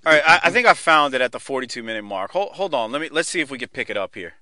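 A man's voice: medium pitch, lively intonation, pushed and bright, no room sound, studio quality. Laughing, swearing man hosting a podcast. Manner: laughs often, swears freely, talks in quick rambling restarts. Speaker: podcast host. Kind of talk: casual podcast chat recapping a wrestling show.

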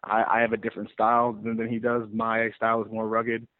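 A man who wrestles, telling stories in a rambling, animated way in a casual interview. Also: fairly low pitch, fairly quick. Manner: rambling, animated storyteller with many restarts. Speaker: pro wrestler guest. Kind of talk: casual interview over the phone. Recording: tinny phone line.

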